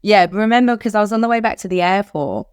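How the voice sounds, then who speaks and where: A woman's voice: medium pitch, fast talker, smooth, no echo. Australian woman telling a story, dry close mic. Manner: animated, acts out quotes in other voices. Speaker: podcast co-host. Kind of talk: candid storytelling chat.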